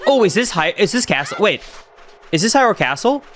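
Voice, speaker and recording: A young man streaming a live playthrough, chatting excitedly and reacting aloud to the game and his chat. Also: high-pitched, a little fast, soft background music. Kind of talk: live gameplay commentary.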